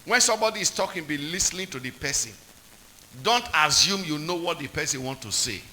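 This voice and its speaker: A man's voice: fairly high pitch, expressive, a little fast, bright, forceful tone, a little hiss or hum, rough recording. A man preaching a sermon, repeating points and quizzing the congregation with call-and-response questions.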